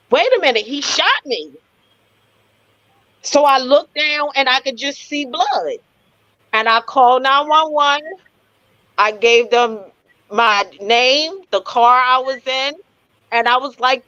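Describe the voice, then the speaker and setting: A woman guest telling her story in a live interview, animated, blunt and profane. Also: sits high, slow pace, long pauses, no room sound, dull audio.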